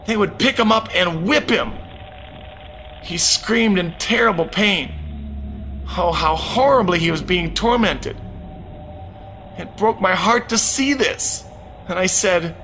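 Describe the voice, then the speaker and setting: A man's voice: high-pitched, expressive, unhurried, gravelly, pauses often, sharp tone, soft background music. A man narrating a first-person spiritual testimony in an earnest, dramatic way.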